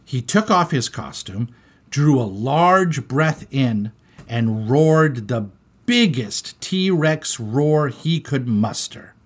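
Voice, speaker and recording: A man reads a children's story aloud with big, animated swings in pitch. His voice has a husky, slightly breathy grain, and he leans into sound effects and action. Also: slow. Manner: expressive, animated.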